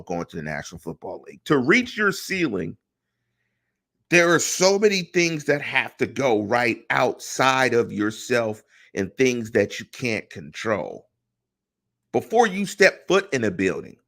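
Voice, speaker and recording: A middle-aged man runs a solo sports podcast in a mid-pitched voice. His intonation rises and falls a lot, and he keeps turning his points into rhetorical questions for the audience. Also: creaky. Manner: animated, rhetorical questions to listeners. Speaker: podcast host.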